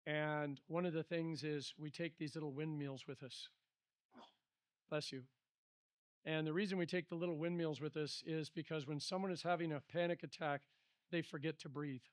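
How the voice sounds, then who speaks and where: Animated man teaching Bible study. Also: on the high side, normal speed, no echo, clean studio sound. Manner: conversational storytelling, animated. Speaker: pastor.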